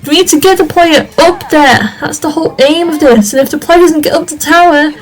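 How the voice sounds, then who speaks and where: A woman's voice: high-pitched, brisk, faint music behind, voice pushed up, close to an everyday voice, rough recording. A woman voicing a stern, angry female soldier sergeant who barks orders and scolds. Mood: angry scolding.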